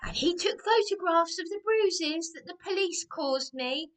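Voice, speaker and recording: A woman's voice: extremely high pitch, lively intonation, unhurried, fairly bright tone. A woman ranting about personal grievances in a rambling, agitated way, often repeating herself. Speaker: vlogger. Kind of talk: aggrieved personal rant to camera.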